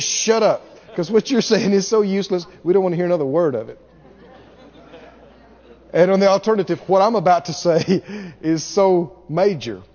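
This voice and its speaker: Male pastor, sermon, emphatic, higher voice, lively pitch swings, dull recording. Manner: emphatic, repeats key words, mimics people with laughter. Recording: dull reverberant hall recording.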